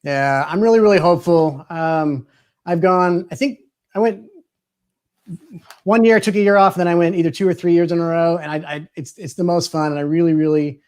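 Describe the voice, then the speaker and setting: A man's voice: a little high, fairly even intonation, a little fast, a little mellow, clear, resonant tone. Joking man hosting a live stream. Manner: friendly, joking, laughs often. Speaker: livestream host. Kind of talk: casual live-stream chat.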